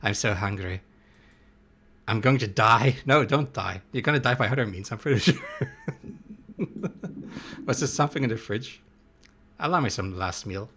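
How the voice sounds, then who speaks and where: A young man giving live commentary on a horror game, excitable and quick to swear and yelp at scares while reading his chat aloud. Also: fairly low pitch, a little hiss or hum. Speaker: streamer playing a horror game.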